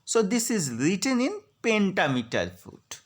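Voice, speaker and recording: A woman giving a slide lecture on poetry, slowly spelling out syllables and stresses. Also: mid-range voice, very animated. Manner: slow, deliberate, spelling out syllables. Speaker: literature lecturer.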